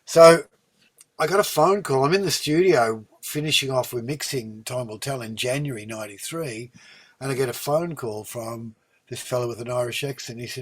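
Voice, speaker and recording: Speaking at normal speed with a medium-pitched voice, this Australian man in his sixties is a singer-songwriter on as a guest. He's a warm, rambling storyteller, stopping to restart and saying um often, and he perks up when recounting things during the relaxed chat.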